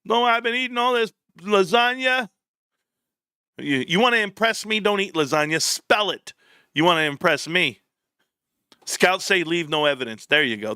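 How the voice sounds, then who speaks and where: A man's voice: high-pitched, expressive, moderate pace, clear, resonant tone, no echo, studio quality. A man hosting a live stream in casual chat, rambling, joking and swearing a lot. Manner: profane, rambling, joking, laughs loudly.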